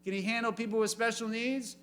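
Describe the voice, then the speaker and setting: Youth pastor guy, fairly high voice, animated, keeps asking the kids questions. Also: brisk. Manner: animated, talks straight to the teens. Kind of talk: youth sermon. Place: room full of young people.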